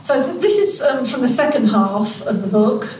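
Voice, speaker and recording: Nasal North London woman, higher voice. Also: sing-song, moderate pace, noisy background. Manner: candid, frank and self-mocking. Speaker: guest author. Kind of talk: conversation and reading from her memoir. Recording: long hall reverb.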